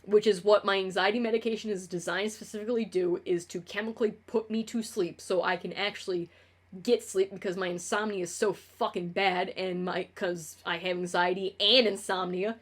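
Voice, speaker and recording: A young woman streams casual talk in a mid-pitched voice. She swears freely and rambles from one tangent to the next. She keeps tripping and restarting on her words, as a clutterer does. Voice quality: clutterer who trips over words. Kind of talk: casual livestream monologue.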